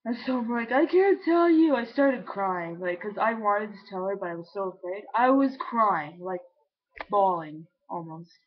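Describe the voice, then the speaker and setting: A man's voice: sits high, normal speed, dull audio. Rambling young trans man on webcam. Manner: rambling, heavy use of "like", casual swearing. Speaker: vlogger. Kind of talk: casual confessional storytelling.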